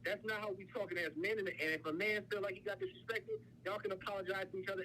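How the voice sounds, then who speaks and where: A man co-hosting a podcast, talking insistently to calm down two arguing friends. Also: sits high, fast talker, a little hiss or hum, poor audio. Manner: preachy, insistent mediating. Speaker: podcast co-host. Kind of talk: heated podcast talk.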